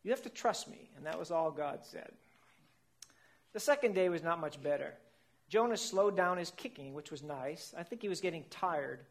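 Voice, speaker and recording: A man's voice: on the high side, animated, normal speed. A man telling a comic story in the first person as a whale, playful and laughing at his own lines.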